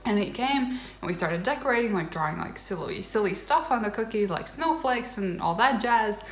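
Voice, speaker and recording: A woman's voice: medium pitch, normal speed, slight background noise. A young woman vlogger telling a personal story in a casual, gushing way, emotional and near tears, with lots of fillers. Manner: gushing, tearful excitement, filler-heavy. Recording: roomy echo.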